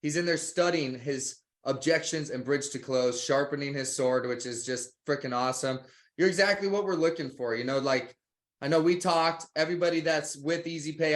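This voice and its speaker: A man hosting a sales webinar, enthusiastic and motivational, talking to viewers as guys. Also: a little high. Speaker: webinar host. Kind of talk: webinar interview.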